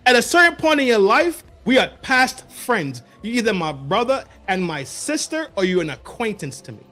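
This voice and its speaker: A man hosting a podcast, delivering a mocking commentary rant with rapid-fire repeated words. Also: high voice, very animated, bright, forceful tone, faint music behind. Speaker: podcast host.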